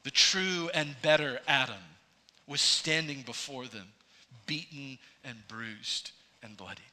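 A man preaching an expository sermon, his voice rising to emphatic peaks and dropping low. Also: slow, pushed and bright. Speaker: pastor.

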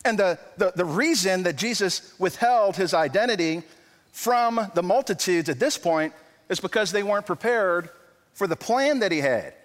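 A man preaching a sermon as pastor, animated and acting out quoted dialogue, often repeating words as he goes. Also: high-pitched, normal speed, big-room sound. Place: church sanctuary.

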